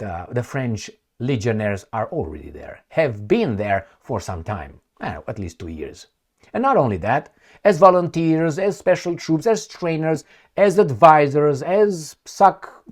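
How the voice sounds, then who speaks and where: A man talking through current events in a casual monologue, sarcastic and full of fillers, mocking the people he quotes. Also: on the high side. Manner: sarcastic, acts out quoted politicians in mocking voices, many fillers. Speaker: political commentary vlogger.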